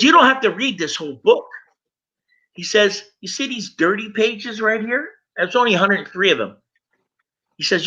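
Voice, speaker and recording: A middle-aged man gives an earnest personal testimony in a high, bright voice, speaking directly to the people listening. The recording sounds dull and lo-fi. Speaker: speaker sharing his recovery story.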